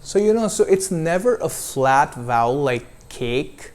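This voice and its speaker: Slow-talking male coach. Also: fairly high pitch, animated, a little mellow. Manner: slow, deliberate, models sounds for repetition. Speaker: accent coach. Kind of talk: pronunciation lesson.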